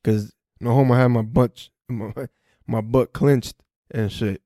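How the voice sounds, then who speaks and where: A man's voice: medium pitch, fairly even intonation, a little slow, warm tone, no echo, clean studio sound. A young man hosting a podcast, recounting a personal story in casual street slang, swearing freely and restarting his sentences often. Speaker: podcast host.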